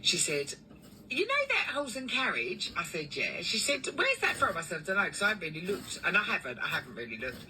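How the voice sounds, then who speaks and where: A woman who runs a cleaning business, telling a long story in a chatty, animated way with lots of fillers. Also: lowish voice, fairly quick, far from the mic, a little hiss or hum, low-quality recording. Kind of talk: casual storytelling vlog.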